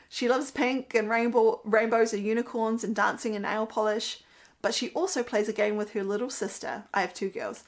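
A woman's voice: on the high side, fairly even intonation, normal speed. Earnest chatty mother. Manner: earnest, chatty, laughs at her own stories. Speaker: mother giving parenting commentary. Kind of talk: casual monologue with Bible quotes.

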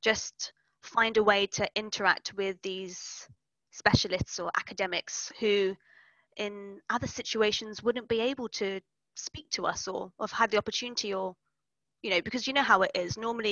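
A woman speaks as an archaeologist guest on a podcast, explaining her work in a relaxed, measured way. Her voice is bright and sits close and dry, though the audio is dull and lo-fi. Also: mid-range voice, no echo. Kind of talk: casual conversation.

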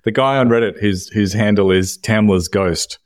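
A man co-hosting a podcast, bantering and laughing easily. His voice sits fairly low, and the recording is dry and close. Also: moderate pace, no room sound. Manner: jokey, laughs often, banters. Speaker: podcast co-host. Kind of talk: casual chat.

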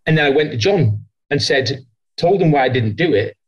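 A man's voice: fairly high pitch, lively intonation, moderate pace, muffled recording. A man who is a guest sales leader, telling stories in a podcast interview with many restarts and quoted voices. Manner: rambling, self-reflective storytelling with many restarts; slips into quoted voices and an American impression.

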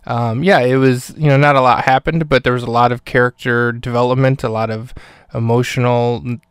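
A man's voice: medium pitch, fairly even intonation, a little fast, clear, resonant tone, no room sound. A man hosting a podcast, giving a casual spoken film review full of fillers and self-corrections, close to the microphone.

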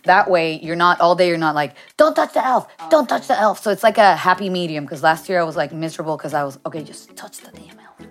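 A woman hosting a casual talk show, a mother of three telling a story in an animated, chatty way. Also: lowish voice. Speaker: host.

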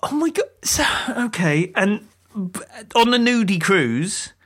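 Lively higher-voiced man hosting. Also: unhurried, husky. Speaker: podcast host. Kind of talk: casual interview and show outro.

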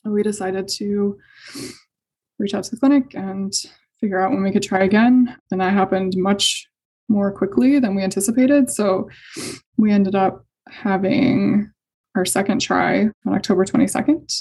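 A young adult woman telling a personal story in conversation, hesitant and emotional, with many fillers and soft laughs. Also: medium pitch, fairly even intonation, moderate pace, slightly rough. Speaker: guest sharing fertility story.

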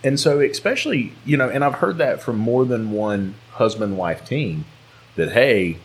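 A man's voice: medium pitch, lively intonation, a little slow, breathy edge. A man with a Southern US drawl hosting a podcast, talking earnestly with frequent restarts. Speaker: podcast host. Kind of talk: casual podcast chat.

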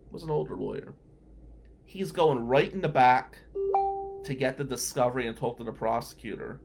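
A man in a mid-range voice spins a wry monologue with a sharp sense of the absurd. His pitch swings up and down as he builds each story. He sounds like a lawyer hosting his own podcast, unhurried and incredulous. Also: big pitch swings, husky.

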